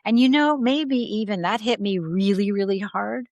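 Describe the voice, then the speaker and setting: Calm, reflective woman consultant. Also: medium pitch, normal speed, no echo. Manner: calm, reflective, acts out quoted reactions. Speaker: guest leadership consultant. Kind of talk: podcast interview.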